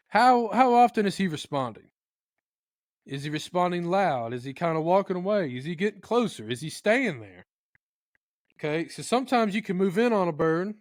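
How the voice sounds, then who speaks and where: A man's voice: fairly high pitch, dry recording, clean studio sound. A man talking casually and with energy while he teaches turkey calling, sometimes imitating turkeys in funny voices. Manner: animated, acts out turkey sounds in funny voices. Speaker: turkey calling expert guest. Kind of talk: casual how-to talk.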